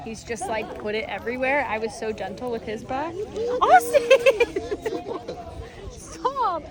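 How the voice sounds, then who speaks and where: A woman chatting excitedly as she films a travel vlog on a handheld camera while touring outdoors. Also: a little high, fairly quick. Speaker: travel vlogger. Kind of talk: casual travel vlog narration. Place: outdoors on a busy tropical island tour. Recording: clear crowd chatter behind.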